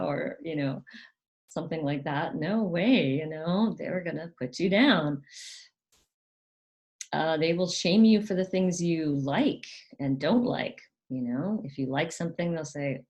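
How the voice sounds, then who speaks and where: A woman's voice: deep voice, a little slow, warm tone. A woman hosting her own channel, talking casually and hesitantly with many fillers, sometimes putting on a mocking voice to quote others. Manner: acts out quoted parents in a raised, mocking voice. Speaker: channel host. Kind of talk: casual talk to camera.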